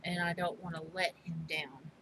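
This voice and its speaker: A middle-aged mother chatting casually while crafting, slow and halting, speaking with emotion. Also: lowish voice, steady tone, vocal fry, noisy background. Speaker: crafting vlogger.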